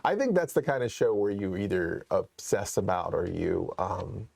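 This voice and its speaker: A man's voice: low-pitched, animated, moderate pace, gravelly, darkish tone, husky, dry recording. A man hosting a horror movie show, chatting casually on a live stream and rambling with many restarts. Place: studio set.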